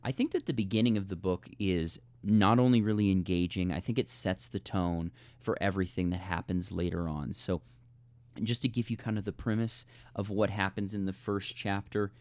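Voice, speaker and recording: A man's voice: low voice, steady tone, moderate pace, darkish tone, dry recording. A man co-hosting a book podcast, talking through a novel in a thoughtful, analytical way. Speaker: podcast co-host. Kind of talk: casual book discussion.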